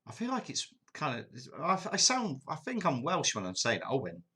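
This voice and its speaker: A slightly high, somewhat rough male voice with a sharp edge and huge pitch swings, at a moderate pace. He's from England, casually streaming a football manager game while chatting to viewers and mocking himself.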